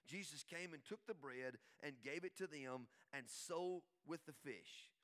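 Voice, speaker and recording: A pastor preaching a sermon, retelling scripture in an animated, emphatic storytelling way. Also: male voice, a little high, measured pace.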